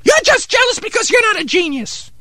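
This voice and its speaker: A man playing Harry, an eccentric, pompous character in a comedy radio sketch, excitable and condescending as he gushes over bizarre music. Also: very high-pitched, moderate pace, creaky, dry recording, exaggerated voice. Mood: enthusiastic.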